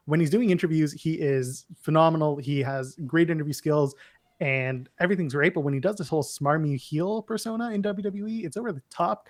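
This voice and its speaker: A man's voice: on the high side, dry recording, clean studio sound. A man co-hosting a casual wrestling podcast, opinionated and snarky as he runs through lists. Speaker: podcast co-host.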